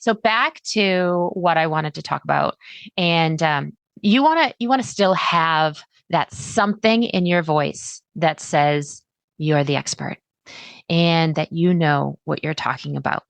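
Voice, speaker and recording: A middle-aged woman hosting a solo podcast, chatty and animated, acting out her listeners' words. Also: fairly low pitch, a little slow, gravelly, dry recording. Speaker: podcast host.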